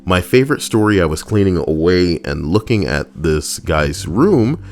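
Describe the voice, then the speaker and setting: Man, very low voice, lively pitch swings, casual story reading, swears a lot, faint music behind. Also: normal speed. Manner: swears freely, laughs, breaks off to riff. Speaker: streamer reading online stories aloud.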